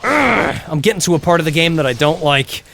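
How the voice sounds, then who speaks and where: A man's voice: on the high side, expressive, a little fast, gravelly, a bit bright, slight background noise. Chatty man streaming a game. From England. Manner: rambling, chatty, swears when the game goes wrong. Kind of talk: casual gameplay commentary.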